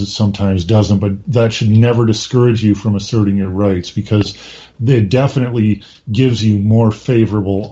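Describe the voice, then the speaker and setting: Mellow low-voiced male podcast host. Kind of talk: casual interview talk. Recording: dull lo-fi audio.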